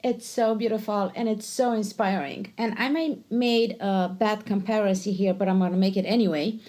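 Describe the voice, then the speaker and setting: A woman's voice: medium pitch, steady tone, moderate pace. Attentive woman interviewer. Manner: attentive, gentle, frequent soft affirmations. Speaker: interview host. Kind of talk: interview chat.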